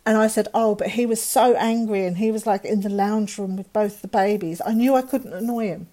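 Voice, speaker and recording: A woman's voice: a little high, fairly even intonation, moderate pace, a little mellow. Woman telling a hard personal story. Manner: candid, emotional, quotes others in dialogue. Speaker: guest.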